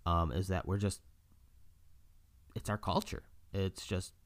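Low-voiced man, animated podcast rant. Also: slow, no room sound. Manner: animated storytelling, acts out quoted voices, laughs often. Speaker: podcast host. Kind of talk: casual monologue.

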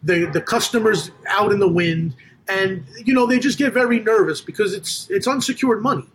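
A man with a high voice for a man tells business stories in a casual podcast interview. He rambles, restarts his sentences and acts out what other people said. He talks as a funder recounting his deals. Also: normal speed, a little hiss or hum. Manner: animated storyteller who acts out quoted conversations.

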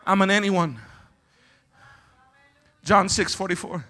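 A male pastor in a church delivering call-and-response preaching with a high, piercing, bright voice. He swings between shouted calls to the congregation and hushed, low passages. He drops Spanish words into his talk. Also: takes it slowly, pauses often. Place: church sanctuary.

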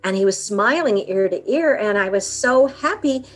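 A woman's voice: medium pitch, lively intonation, moderate pace, faint music behind. Earnest woman telling a vivid story. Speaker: interview guest. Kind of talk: storytelling in an interview.

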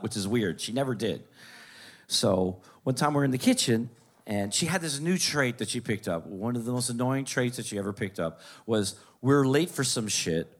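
Guy doing standup, lowish voice, cusses a lot, pops up high to quote his mom. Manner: profane, conversational, shifts into high voices to quote his mother. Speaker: stand-up comedian. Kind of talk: stand-up storytelling.

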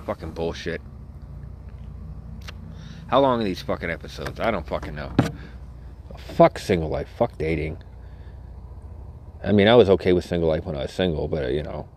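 A man's voice: low-pitched, a little mellow. A man hosting a solo podcast who rambles, restarts himself and swears constantly. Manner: profane, rambling, self-interrupting. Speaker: podcast host.

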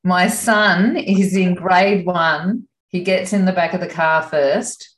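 A woman, an interview guest, telling a personal story in a chatty, animated way and laughing often. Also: fairly low pitch, takes it slowly, echoey room, rough recording. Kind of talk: casual storytelling.

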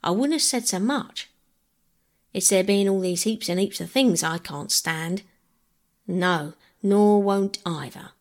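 A woman's voice: mid-range voice, slow pace. Woman putting on a proud, touchy porter. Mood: offended. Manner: indignant, clipped dialect speech. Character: proud touchy working-class railway porter man.

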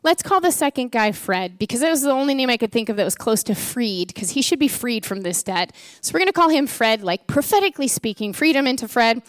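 A woman with a fairly high voice preaches a sermon in an animated, playful way, firing off rhetorical questions as she retells a story. The sound is dry and close, with little room echo. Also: fairly quick, few pauses. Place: church.

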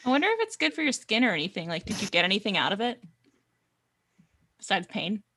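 Lively woman chiming in on a podcast. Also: medium pitch, quick pace, slight background noise. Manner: chimes in with short reactions and questions. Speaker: podcast co-host. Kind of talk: casual chat.

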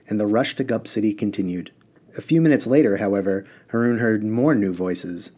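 Man, storybook reading, low pitch, dark mellow tone. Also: brisk. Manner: steady storytelling, casual asides. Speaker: reader. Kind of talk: reading a children's novel aloud.

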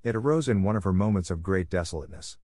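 Male audiobook narrator for a classic novel, low voice, dry close sound. Steady storytelling. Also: fast talker, no echo.

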